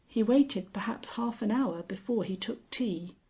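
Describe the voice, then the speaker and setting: A woman reading a classic story aloud in a measured, unhurried narration. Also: medium pitch, darkish tone, breathy edge.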